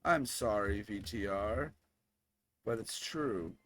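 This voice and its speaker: A man's voice: on the low side, slow, a bit bright, pitched below the performer's own voice. A man reading as a cold treacherous young woman.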